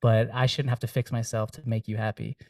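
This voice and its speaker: A man's voice: medium pitch, little pitch movement, fairly quick, darkish tone, dry recording, studio quality, far from the mic. A young man, a singer-songwriter guest, talking earnestly and reflectively in a casual interview, with many fillers and restarts.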